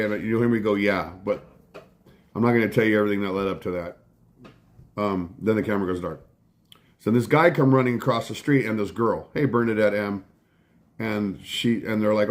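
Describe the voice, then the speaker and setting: Speaking fast in a fairly low voice, a middle-aged livestream host broadcasts casually from his home. His story rambles, is packed with swearing, and pauses now and then so he can thank viewers.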